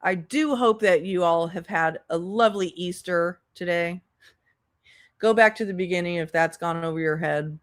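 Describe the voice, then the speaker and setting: A woman's voice: fairly low pitch, normal speed. A woman hosting a commentary livestream, sarcastic and exasperated, swearing as she talks to her chat. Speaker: commentary channel host.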